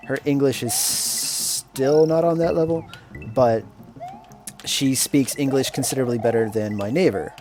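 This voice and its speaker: A man in the middle range of pitch, chatting casually while he plays, drifting from story to story at an unhurried pace. Faint game music sits quietly under his voice. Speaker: streamer and English teacher. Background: faint video game music.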